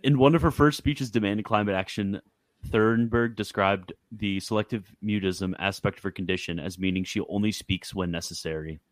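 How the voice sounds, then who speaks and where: A man's voice: fairly low pitch, normal speed, no room sound. A man hosting a casual group chat, reading aloud from his screen and reacting bluntly with frequent laughs. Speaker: host.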